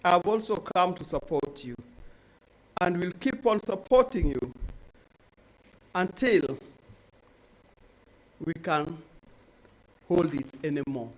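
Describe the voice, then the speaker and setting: A woman's voice: on the low side, a little mellow, poor audio. A woman giving an earnest spoken tribute at an event. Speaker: family friend giving a tribute.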